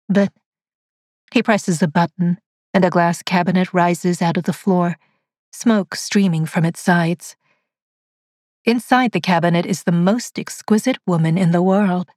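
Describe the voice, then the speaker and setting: A woman narrating a dark science-fiction story in a slow, measured, dramatic reading. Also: lowish voice, no room sound, clean studio sound. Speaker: audiobook narrator.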